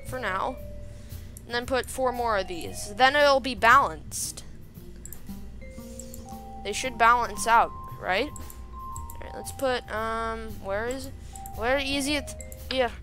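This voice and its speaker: A woman's voice: fairly high pitch, bright, forceful tone. A woman chatting to herself during gameplay commentary, thinking aloud and getting exasperated as she plays at her computer. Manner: chatty, talks to herself while building, gets exasperated. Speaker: gaming channel host. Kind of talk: let's-play gameplay commentary. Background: game music.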